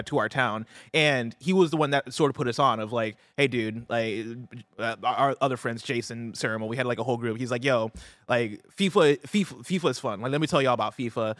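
A young man chatting fast on a podcast, with a middle-of-the-road pitch. He tells stories in an animated way, swears freely and keeps tagging his lines with "right?". The sound is dry and close. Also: no echo. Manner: animated, swearing, quick storytelling with frequent "right?". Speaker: podcast co-host. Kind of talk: casual chat.

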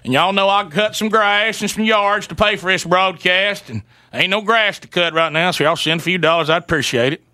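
A man's voice: high-pitched, brisk, bright, forceful tone. A man voicing an older small-town radio preacher who rambles and breaks into hallelujahs between sentences. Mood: rambling.

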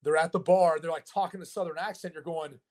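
A man's voice: on the high side, steady tone, fast talker, darkish tone. Chatty man hosting a sports show. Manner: chatty, rambling with many fillers and laughs. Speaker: host. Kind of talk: casual sports chat.

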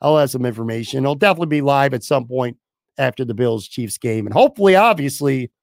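A man hosting a sports podcast in blunt, rambling casual talk, hoarse from losing his voice. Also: medium pitch, animated, quick pace, dry recording, clean studio sound. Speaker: podcast host.

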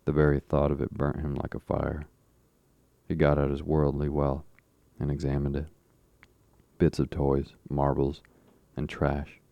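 A man narrating a classic novel as an audiobook in a measured, even storytelling manner. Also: a bass voice, creaky, no room sound, muffled recording.

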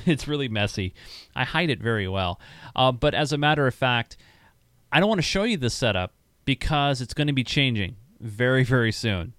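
Male co-host, relaxed chatty delivery, laughs easily, crisp voice, mid pitch. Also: no echo, studio quality. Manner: laughs often, repeats himself. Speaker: show co-host. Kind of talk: casual chat, reading viewer questions. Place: home studio.

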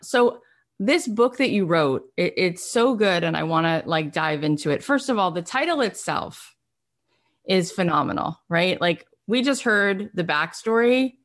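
A woman hosts the conversation in a lowish voice. She is enthusiastic and casual, and her questions come with fillers and false starts. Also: expressive, a little slow. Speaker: podcast host.

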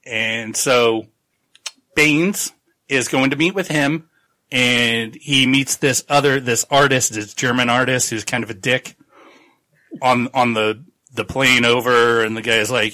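A podcast host with a bright, forceful voice rambles through a book summary. He jokes, swears casually and chats in a loose, friendly tone. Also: mid-range voice, steady tone, takes it slowly. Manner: rambling, jokey recap full of laughs and profanity. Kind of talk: casual book-club chat.

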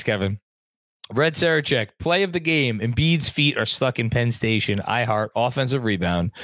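Viewer comments get read aloud by a young adult man hosting a relaxed sports stream from his computer at home. He speaks at medium pitch, a bit bright and without echo, rambling chattily and swearing occasionally.

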